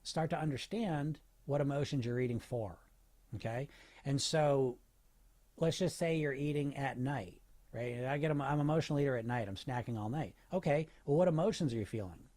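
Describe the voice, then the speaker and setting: Animated male weight loss coach. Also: medium pitch, normal speed. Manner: animated, asks rhetorical questions, fillers and restarts. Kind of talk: casual motivational talk.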